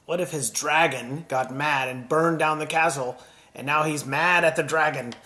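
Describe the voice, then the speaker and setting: A man teaching children a puppet drama lesson, gentle and encouraging as he demonstrates. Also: on the high side, normal speed.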